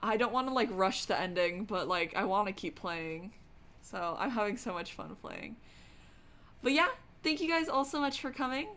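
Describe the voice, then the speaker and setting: A woman streamer reading a game's narration aloud and chatting expressively and excitably, swearing casually. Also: medium pitch, normal speed.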